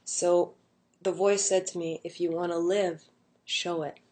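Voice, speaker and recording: A woman's voice: on the low side, little pitch movement, a little slow, a little mellow. A young adult woman casually telling a personal story at home, rambling with many fillers and restarts. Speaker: vlogger.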